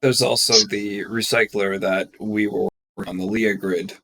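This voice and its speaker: Low-voiced male player explaining. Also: steady tone, unhurried, vocal fry, pushed and bright. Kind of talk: casual tabletop play.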